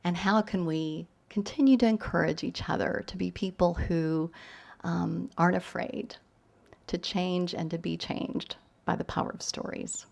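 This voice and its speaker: A soft-spoken woman with a fading Southern lilt and a slightly low voice. She speaks at a university event, thoughtful and gentle, with pauses. When she reads her fiction aloud, she slows into an unhurried, lyrical pace. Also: steady tone, gravelly. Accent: Southern US, softened. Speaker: visiting novelist. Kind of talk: talk with questions, then reading her fiction aloud. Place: university lecture hall.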